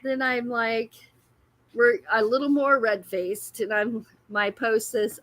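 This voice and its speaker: A woman's voice: a little high, steady tone, slow, fairly bright tone, no echo. A woman hosting a casual livestream, chatty and often breaking into laughter. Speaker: livestream host.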